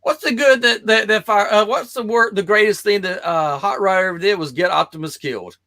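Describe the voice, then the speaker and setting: A man hosting a casual video-call chat who rambles, laughs often and talks in an animated way. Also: sits high, brisk. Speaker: host.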